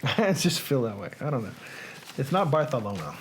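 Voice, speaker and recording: Chatty live-show host with lively pitch. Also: brisk, slight background noise. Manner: chatty, jokey, reacts to live viewers. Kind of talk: live casual reading show.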